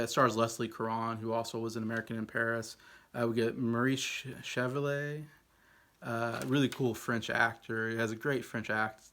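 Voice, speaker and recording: Vocal fry runs through this man's mid-range, slightly bright voice. A film reviewer, he ranks old movies in a loose, meandering chat full of hedging and filler words.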